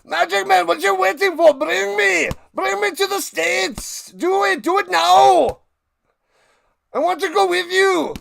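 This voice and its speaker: Loud bossy ice cream voice barking orders, guy putting it on, high pitched and gravelly, action movie style. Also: a little slow, exaggerated voice. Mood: demanding. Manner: shouting, barking commands.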